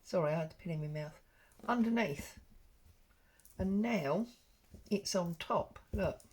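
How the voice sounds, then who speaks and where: A woman craft vlogger chats through a stitch-along as she works on embroidery, rambling with plenty of ums. Her voice is mid-range and she takes her time.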